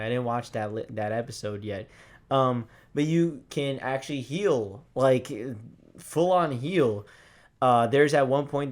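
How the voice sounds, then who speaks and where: A young man giving a casual movie review, excited and profane, rambling with lots of restarts. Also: mid-range voice.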